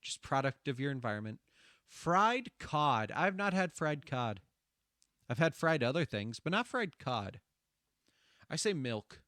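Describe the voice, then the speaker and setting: A man's voice: medium pitch, big pitch swings, unhurried, a bit bright, dry recording, clean studio sound. A man with a Midwestern accent streaming while gaming, chatting casually, swearing freely and laughing often.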